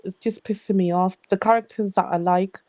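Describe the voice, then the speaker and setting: Woman caller, warm dark voice, dull lo-fi call audio, dry sound. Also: medium pitch, steady tone, fairly quick, dry recording. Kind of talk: casual call-in chat.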